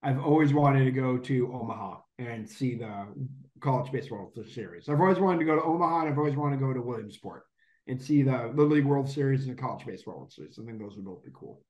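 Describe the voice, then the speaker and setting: A man's voice: mid-range voice, quick pace, a little mellow, roomy sound, dull audio. A man co-hosting a casual podcast chat, rambling with many fillers and self-corrections. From Boston area. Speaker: podcast co-host.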